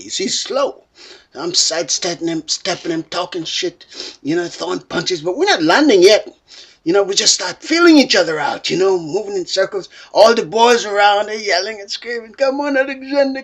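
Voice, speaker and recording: A man telling an animated personal story, expressive and peppered with "you know" and "bloke". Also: high-pitched.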